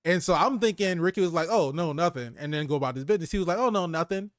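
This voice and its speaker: A man co-hosting a casual movie review chat, retelling scenes with lively acted-out lines and frequent laughs. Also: a little high, racing, no room sound, studio quality. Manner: animated retelling, acts out character lines, laughs often. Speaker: podcast co-host.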